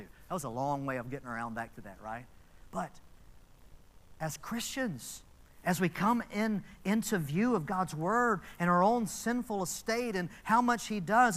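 Man in his fifties, pastor, high voice, bright tone, chatty storytelling sermon. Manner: chatty storytelling with asides to the congregation. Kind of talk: conversational sermon.

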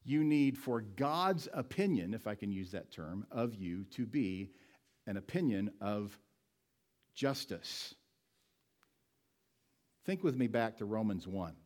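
A male pastor preaching a sermon, asking the congregation questions and answering them himself, slowing down to stress single words. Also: fairly low pitch, animated, a little mellow.

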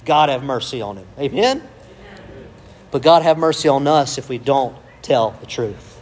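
A man's voice: mid-range voice, big pitch swings, normal speed, a little hiss or hum. A male pastor, preaching a sermon with emphatic rhetorical questions and calls of amen.

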